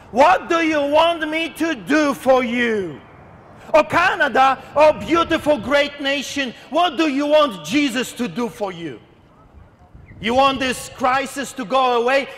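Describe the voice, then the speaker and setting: High, fervent shouting street preacher man. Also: long reverb tail. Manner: fervent, declamatory, often shouting. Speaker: street pastor. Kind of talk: open-air street sermon. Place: outdoors in the wind.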